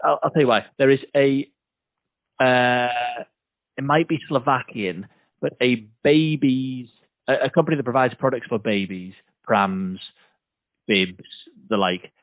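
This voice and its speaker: A man's voice: medium pitch, a little slow, no echo. A man hosting a podcast, chatting casually and jokily, slipping into playful accent impressions now and then. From England. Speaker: podcast host. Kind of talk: casual chat. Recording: tinny phone-like dry sound.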